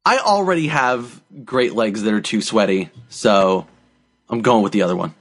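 A man's voice: fairly low pitch, expressive, moderate pace, fairly bright tone. A man making laid-back, wry asides in a casual comedy podcast chat.

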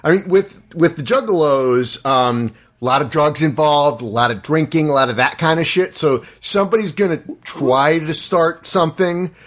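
A man's voice: a little high, normal speed, few pauses, a bit bright. A man hosting a casual podcast, rambling and filling with "like". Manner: rambling, heavy use of "like". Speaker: podcast host. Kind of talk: casual chat.

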